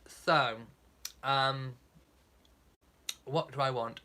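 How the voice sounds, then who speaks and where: A man's voice: on the high side, lively intonation, measured pace, long pauses, sharp tone. A man hosting a casual live chat, reading out viewer comments in a camp, theatrical, self-mocking way.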